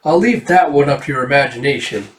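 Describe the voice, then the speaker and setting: A man's voice: mid-range voice, fast talker, lightly acted. A man voicing a theatrical, scheming baron while reading a comic aloud. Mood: grandiose. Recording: roomy, distant mic.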